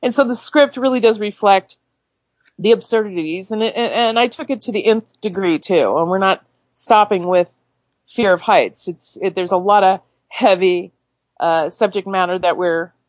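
A woman actor telling stories in a casual interview, animated and laughing easily, with many fillers and restarts. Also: medium pitch, dry recording. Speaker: actor and filmmaker guest.

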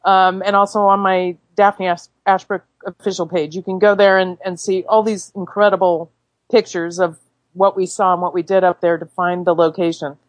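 Woman, actor, casual interview, animated storyteller, dry close sound. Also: lowish voice, moderate pace, no room sound. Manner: animated storyteller, laughs easily, many fillers and restarts. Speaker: actor and filmmaker guest.

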